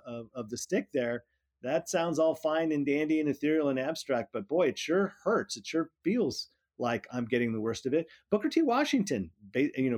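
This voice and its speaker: A man's voice: mid-range voice, darkish tone. A middle-aged man, a politics professor, talking through ideas in an interview, often restarting and repeating words as he thinks. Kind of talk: academic interview conversation.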